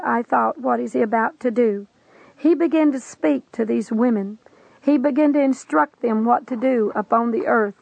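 A woman's voice: high-pitched, creaky, no echo, lo-fi sound. A woman preacher earnestly recounting a vision in a solemn testimony, with old-fashioned scriptural wording. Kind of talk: testimony sermon.

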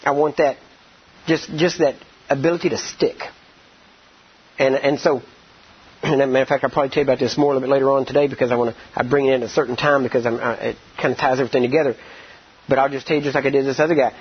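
A man preaching a sermon, rambling with many "I mean" and "you know", acting out quoted speech and slowing down to stress scripture. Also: mid-range voice, little pitch movement, slightly rough. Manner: slows down and stresses words when teaching scripture. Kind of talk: sermon with storytelling. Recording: dull lo-fi recording.

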